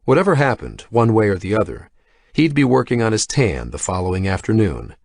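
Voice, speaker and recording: A male audiobook narrator with a low voice and lively pitch, telling a thriller in a measured, scripted way. The sound is close and dry, with no room around it. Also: gravelly, dry recording.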